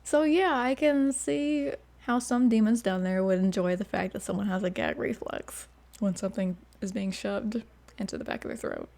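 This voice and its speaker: A woman's voice: mid-range voice, moderate pace, creaky, darkish tone. A woman hosting a reaction video, chatting casually and laughing often. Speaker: host. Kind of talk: reaction commentary.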